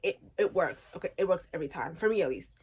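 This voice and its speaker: A woman's voice: on the low side, lively intonation, quick pace, breathy edge. A woman in her twenties giving frank, slangy advice in a casual vlog chat, often laughing at her own jokes. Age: 20s. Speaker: vlogger.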